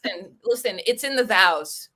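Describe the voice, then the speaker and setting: A woman's voice: medium pitch, animated, moderate pace, bright, forceful tone. A woman as a guest in a casual chat, playful and laughing easily.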